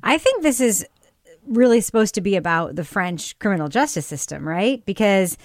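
A woman hosting a casual discussion, animated, her pitch leaping up on her questions. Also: moderate pace, no echo, studio quality. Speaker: podcast host.

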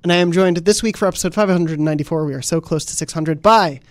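A man's voice: fairly high pitch, quick pace, no room sound. Upbeat teasing male show host. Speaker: host of a weekly games show. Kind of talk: casual show chat.

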